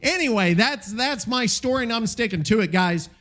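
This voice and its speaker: A man's voice: high voice, moderate pace. A man hosting a solo podcast, rambling and swearing a lot, sounding tired. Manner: profane, rambling, animated. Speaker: podcast host. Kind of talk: casual solo podcast rant.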